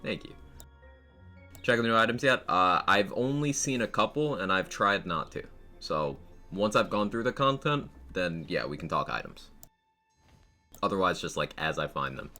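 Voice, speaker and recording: A man with a deep yet bright, forceful voice hosts a casual game live stream. He is a little out of breath, chuckles often and rattles off greetings to his chat. Faint music plays behind him. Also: lively intonation, moderate pace.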